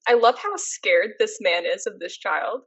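A woman's voice: mid-range voice, lively intonation, unhurried, a bit bright, husky. Chatty woman reacting with jokes. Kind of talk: casual chat.

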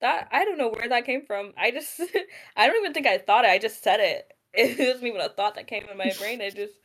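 A woman's voice: a little high, a little fast, fairly bright tone. A young woman co-hosting a podcast in casual chat, rambling with many fillers and giggles. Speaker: podcast co-host.

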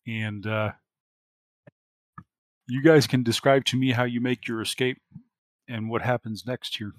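A man's voice: medium pitch, steady tone, unhurried, dry recording. A man narrating as game master, laid-back with lots of ums and uhs.

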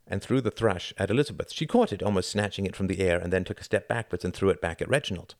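A man with a very low voice narrates a scripted audiobook, reading in a measured, deliberate way. The recording is close and dry, with no echo or room sound.

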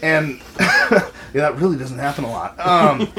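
Animated, cursing man chatting casually. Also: on the high side, a little slow, background noise. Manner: animated, swears freely. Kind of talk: casual chat.

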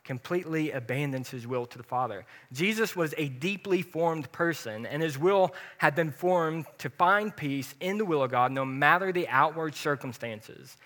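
A man's voice: a little high, lively intonation, normal speed, hardly any pauses, fairly bright tone. A man preaching an informal sermon, earnest and personal, with bursts of joking. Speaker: pastor.

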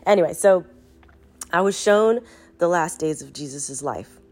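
A woman's voice: fairly low pitch, lively intonation, measured pace, darkish tone. A sick young woman casually retelling a spiritual story, rambling and profane, talking straight to her listeners. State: sick, foggy-headed.

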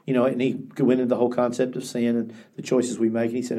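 An older male pastor tells stories with an earnest, reflective manner, often circling back to restart a thought. His voice is warm and mellow, sitting at an ordinary middle pitch for a man. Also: monotone, fast talker, hardly any pauses. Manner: earnest storytelling with frequent restarts. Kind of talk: podcast interview.

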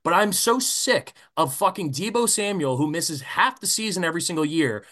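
A man rants on a sports podcast, swearing freely and heated. His voice jumps all over the place in pitch. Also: animated, normal speed, fairly bright tone. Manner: profane, fired-up ranting. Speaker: podcast co-host.

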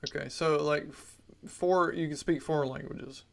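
A man hosts a relaxed chat, nudging it along with questions and quick acknowledgments. His voice sits slightly high and carries a gravelly fry. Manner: prompting questions, brief acknowledgments. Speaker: podcast host. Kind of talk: casual conversation.

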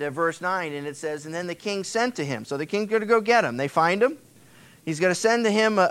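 The recording, an old cassette transfer, features a middle-aged man preaching a sermon in a conversational way. His voice sits high with a fairly bright tone, and he sometimes acts out the voices of biblical figures.

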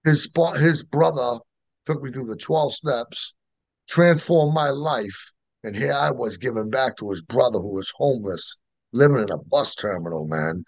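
A middle-aged man with a gravelly, creaky voice. He tells his recovery story in casual, slangy talk with lots of fillers. The sound is dry and close, with no room around it. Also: mid-range voice, a little slow, no echo. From Boston area. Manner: emotional, street slang, many fillers. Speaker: guest sharing recovery story.

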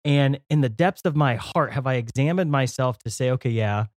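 A young man co-hosting a faith podcast in a studio, telling stories in an animated way with many fillers and restarts. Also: medium pitch, a little fast, no echo. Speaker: podcast co-host.

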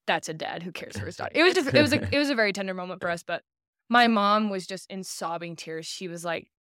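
An earnest young woman in her twenties tells her own story as a podcast guest, slipping into the voices of the people she quotes. Her voice sits at an everyday middle pitch. The room is dry and close. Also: lively intonation, moderate pace, a bit bright, dry recording. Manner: earnest, acts out quoted dialogue. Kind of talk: personal storytelling in an interview.

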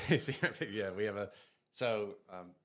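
A man's voice: on the low side, normal speed. A man co-hosting a comedy podcast, chatting casually with dry quips. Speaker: podcast co-host.

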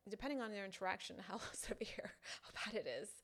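A woman who creates online content talks casually to her fans in a halting way, full of fillers. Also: mid-range voice, expressive, vocal fry, a bit bright. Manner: chatty, halting, full of "you know" fillers. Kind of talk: casual direct-to-camera talk.

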